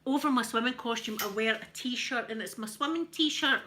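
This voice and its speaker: A woman's voice: on the high side, normal speed, pushed and bright. A Scottish woman chatting casually on a live stream, self-mocking and laughing often as she talks to her viewers. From Scotland. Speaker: livestream host.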